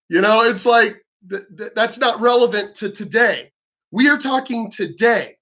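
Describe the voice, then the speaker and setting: Male vlogger, high voice, angry profane rant with stammered restarts. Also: unhurried, bright, forceful tone. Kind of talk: angry ranting monologue.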